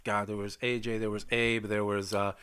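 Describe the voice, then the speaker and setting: Bright-voiced man telling stories. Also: fairly low pitch, moderate pace, clear, resonant tone. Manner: animated storyteller, acts out phone calls. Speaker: host. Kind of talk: casual interview chat.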